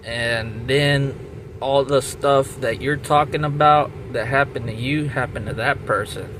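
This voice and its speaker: A man's voice: medium pitch, fairly even intonation, a little slow. A man telling a rambling story in casual talk, restarting and repeating himself with lots of fillers. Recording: loud traffic and outdoor noise.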